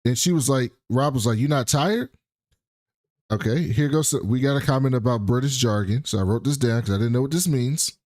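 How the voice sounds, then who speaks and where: A man's voice: mid-range voice, a little fast, few pauses, a little mellow, no room sound, clean studio sound. A young man co-hosting a casual recap chat, telling the story with energy and acting out the characters' lines. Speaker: podcast co-host.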